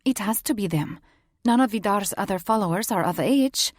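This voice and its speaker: A woman narrator voicing a warm, probing werewolf mother with a Romanian accent. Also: mid-range voice, animated, moderate pace, no room sound, clean studio sound, close to an everyday voice.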